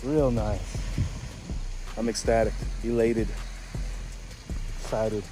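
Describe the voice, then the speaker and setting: A man, chatting excitedly to viewers in a casual fishing vlog, recorded outdoors by a pond. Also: fairly low pitch, slow, music in the background. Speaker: fishing vlogger.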